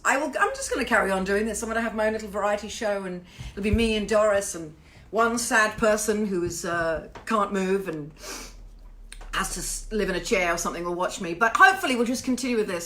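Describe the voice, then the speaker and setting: A British woman singer hosting a casual home livestream, chatty and warm with viewers, greeting them by name and swearing playfully. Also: mid-range voice. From Britain.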